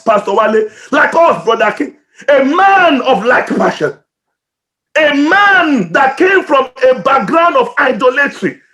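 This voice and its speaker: A man preaching with a very high voice that leaps and plunges across a huge range. He is a pastor from Nigeria, impassioned and emotional, bursting into shouts and then falling to near-whispers. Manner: impassioned preaching with sudden shouts and hushed drops. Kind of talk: sermon.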